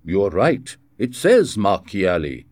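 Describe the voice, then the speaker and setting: A man's voice: fairly low pitch, very animated, takes it slowly, a little mellow, dry recording. A man reading a storybook voices a blunt prison governor, speaking in a brusque, commanding way.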